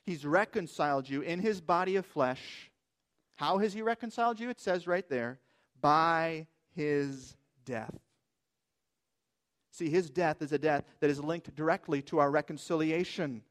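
A man's voice: a little high, moderate pace. A man preaching a sermon as pastor, emphatic and asking rhetorical questions.

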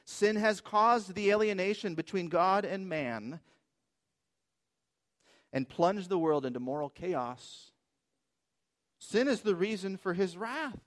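A man's voice: high-pitched, expressive, slow pace, pauses often, a bit bright. A man preaching a sermon as pastor, emphatic and asking rhetorical questions.

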